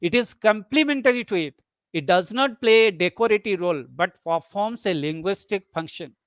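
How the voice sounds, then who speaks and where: Lecturer, mid-pitch, methodical webinar delivery that repeats points and demos example sentences; dry, close recording. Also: animated, normal speed, no room sound. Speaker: lecturer on English intonation.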